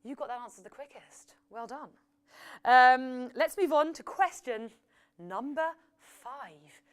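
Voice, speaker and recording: A woman's voice: high-pitched, slow, clear, resonant tone. A woman hosting a live quiz, reading out questions and results with chatty, jokey asides. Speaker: quiz host.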